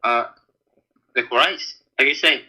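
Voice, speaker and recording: A man's voice: mid-range voice, measured pace, bright, forceful tone, rough recording. A man calling in to an online debate, speaking hesitantly and nervously, stumbling as he reads. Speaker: caller. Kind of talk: debate call.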